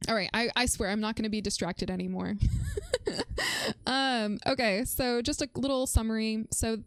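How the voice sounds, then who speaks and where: A playful woman explains a science paper on a live stream, her slightly high voice bouncing between chat replies and the text. She talks casually, with plenty of fillers and restarts. The sound is dry and close, with no room around her. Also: fairly even intonation, normal speed, clean tone, no echo. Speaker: livestreamer reviewing a research paper.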